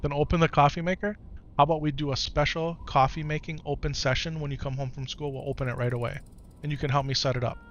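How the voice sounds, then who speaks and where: Soft-spoken father coaxing his young son. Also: a little high, flat delivery, fast talker, muffled recording, slight background noise. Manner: gentle, coaxing with his child, chatty with viewers. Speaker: live streamer and father. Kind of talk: casual live-stream chat. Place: home, in the morning. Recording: clear background music under voice. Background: music.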